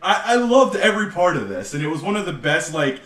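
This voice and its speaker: A man co-hosting a casual podcast, recapping a segment with animated, excitable storytelling. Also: high-pitched, fairly quick. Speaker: podcast co-host. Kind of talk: casual wrestling podcast chat. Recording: echoey room, distant mic.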